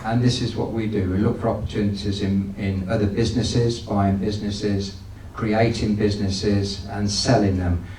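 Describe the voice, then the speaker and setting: Casual guy giving a business talk, lots of restarts, mellow tone, far from the mic. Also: on the low side, little pitch movement, normal speed, hardly any pauses, slight background noise. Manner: anecdotal, folksy, with frequent restarts. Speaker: guest speaker. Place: event hall. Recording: echoey hall, distant from the mic.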